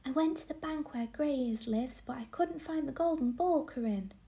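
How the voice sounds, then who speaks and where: An eager little male pixie popping out of the bracken, whispered by a woman reading a storybook. Whispered role-play, high-pitched and mellow with a gravelly edge. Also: normal speed.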